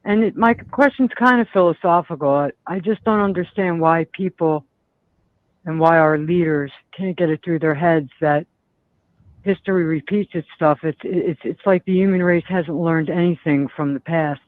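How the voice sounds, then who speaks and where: A woman's voice: on the low side, normal speed, no room sound. A woman with a Philadelphia–South Jersey accent calling in to a show, earnest and plain-spoken. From South Philadelphia, United States. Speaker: caller. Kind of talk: phone-in caller. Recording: tinny phone line.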